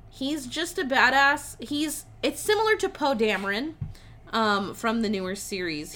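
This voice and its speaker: A woman's voice: medium pitch, fairly bright tone. A woman co-hosting a casual chat, enthusiastic and rambling with fillers as she talks about a movie.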